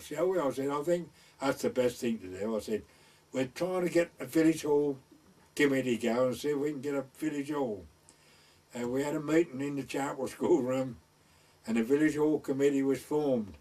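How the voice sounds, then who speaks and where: A man's voice: mid-range voice, moderate pace, mellow, far from the mic. An older man with a North Essex and West Suffolk border accent, telling village stories in a rambling oral-history way and voicing the people he quotes. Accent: North Essex / West Suffolk border dialect. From East Anglia, England. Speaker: village storyteller. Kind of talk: recorded oral-history storytelling.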